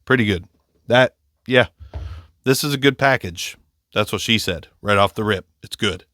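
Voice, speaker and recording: A man's voice: lowish voice, moderate pace, a bit bright, no echo. A man from Ohio with an Appalachian accent, congested and slightly nasal from allergies, reviewing a microphone in a chatty, joking way, close on a condenser mic. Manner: chatty, joking, self-deprecating. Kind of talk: casual gear review.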